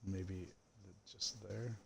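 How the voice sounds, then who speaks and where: Congested low-voiced man musing quietly. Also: steady tone, extremely slow, creaky, a little hiss or hum. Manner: quiet, musing half to himself. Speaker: game streamer. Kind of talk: casual livestream commentary while building.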